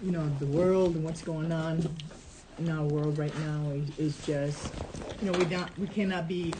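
Earnest low-voiced woman in a noisy call. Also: steady tone, unhurried. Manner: earnest, many "you know" fillers. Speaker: study group member. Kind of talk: casual group discussion.

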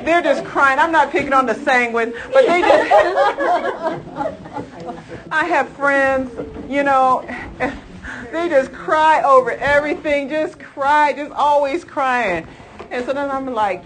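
A woman preaching a sermon in a lively, chatty way, often laughing and calling her listeners folks and honey. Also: high-pitched, slow, a crowd in the background.

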